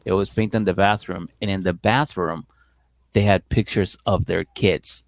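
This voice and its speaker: A man's voice: deep voice, fairly even intonation, moderate pace, no echo. A man co-hosting a podcast, telling a weird story in a laid-back casual chat. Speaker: podcast co-host.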